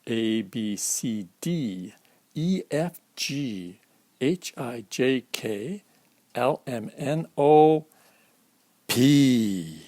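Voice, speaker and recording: A man's voice: medium pitch, lively intonation, very slow, warm tone, no room sound. A man reading a children's alphabet picture book aloud at storytime, stopping to explain the pictures to young listeners. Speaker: storytime reader.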